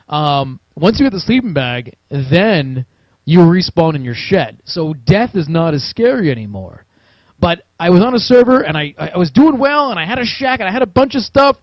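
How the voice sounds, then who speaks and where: A man telling a long gaming story in casual chat, animated and profane, acting out his own reactions. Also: on the high side, no echo. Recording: dull, dry lo-fi recording.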